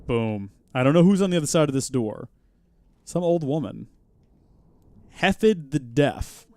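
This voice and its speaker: A man hosting a live game stream, chatting, joking and reacting out loud as he plays. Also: a little high, expressive, measured pace, dry recording. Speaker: host.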